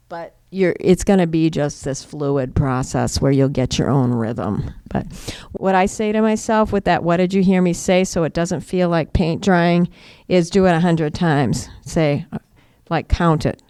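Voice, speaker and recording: Woman, lower-pitched, chatty, laughing, acts out quotes, mediation trainer. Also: unhurried, darkish tone, clean tone, dry recording, studio quality. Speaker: restorative justice mediator and trainer. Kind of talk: casual teaching talk.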